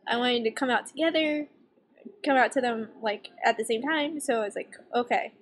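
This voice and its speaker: A woman's voice: on the high side, normal speed. Chatty young woman telling a story. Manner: chatty, animated, acts out quoted voices. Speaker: vlogger. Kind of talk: casual storytelling.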